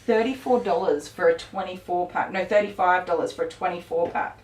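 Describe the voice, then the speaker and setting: A woman's voice: fairly low pitch, a little fast, far from the mic, a little hiss or hum. A middle-aged woman, hosting a casual live stream as a dog groomer, rambling and chatty with many ums and laughs. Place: grooming salon. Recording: roomy, from off the mic.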